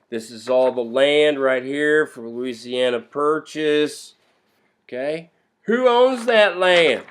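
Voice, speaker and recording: A man giving a lively, playful classroom lecture on history, joking with students in slang. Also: fairly high pitch. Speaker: history teacher.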